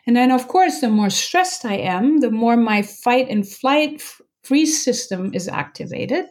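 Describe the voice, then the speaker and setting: A woman meditation teacher explaining as an interview guest, gentle and earnest, talking loosely with many "like" fillers and restarts. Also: fairly high pitch. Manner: gentle, earnest, acts out inner thoughts in quick asides.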